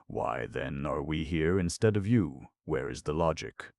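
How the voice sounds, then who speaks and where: Brief: man doing a fervent young madman in an audiobook, raised and urgent over a deep gravelly base. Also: animated, measured pace, darkish tone, no echo, heavily acted. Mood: indignant. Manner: impassioned, accusing. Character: agitated young male asylum patient, bitter.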